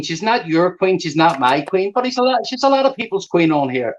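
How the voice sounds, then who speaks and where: A man's voice: high-pitched, lively intonation, fairly quick. A man with a Belfast accent hosting a live stream panel, ranting and mocking with constant swearing. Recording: dull lo-fi stream audio.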